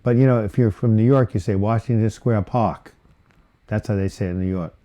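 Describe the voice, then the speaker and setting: A man with a low, very dark, mellow voice hosts a casual live chat on mental health, talking very fast over lo-fi sound. He reads viewers' comments aloud and answers them in a rambling, chatty way, full of fillers, restarts and self-corrections.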